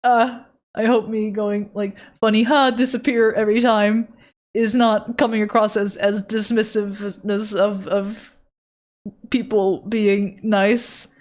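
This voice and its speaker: A woman's voice: mid-range voice, little pitch movement, unhurried, a little mellow. A young woman art streamer chatting casually on a live stream, giggly and gushing with emotion.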